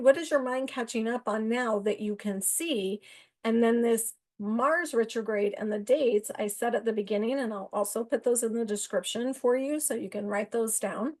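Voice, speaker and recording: A woman hosting an astrology talk show, chatting casually to her viewers in a rambling, self-interrupting way, rushing some phrases and drawing others out. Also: a little high. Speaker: astrology podcast host.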